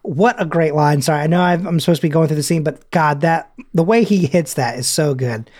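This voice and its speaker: A man's voice: a little high, a little fast, few pauses, darkish tone. A man hosting a podcast, casually recapping a movie scene and reading lines aloud with his own asides. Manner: chatty, reads scene quotes aloud with asides. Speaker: podcast host.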